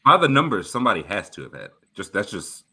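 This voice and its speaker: Male podcast co-host, bright forceful tone, lively pitch, quick quips. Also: husky. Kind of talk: casual chat over remote call.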